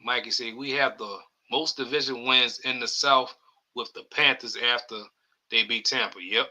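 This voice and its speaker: A man's voice: mid-range voice, steady tone, moderate pace, pushed and bright, poor audio. A man hosting a casual live-stream sports podcast, rambling loosely and reading chat comments aloud. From New Orleans area. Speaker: podcast host.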